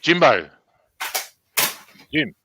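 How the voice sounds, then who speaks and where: A man's voice: a little high, sing-song, very slow, pushed and bright, slight background noise. A man with an Australian accent telling a casual, heavily sworn story on a podcast, acting out the back-and-forth of the people in it. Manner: profane, acts out quoted exchanges. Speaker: podcast guest. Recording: dull lo-fi dry sound.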